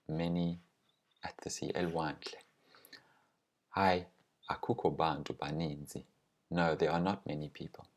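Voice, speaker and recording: Explaining grammar through example phrases, a low-pitched male teacher pronounces each one with slow, careful precision.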